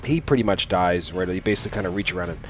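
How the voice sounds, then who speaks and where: A man's voice: low-pitched, racing, a bit bright, faint music behind. A man narrating as dungeon master in casual, hesitant talk full of fillers. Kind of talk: narrating a tabletop game.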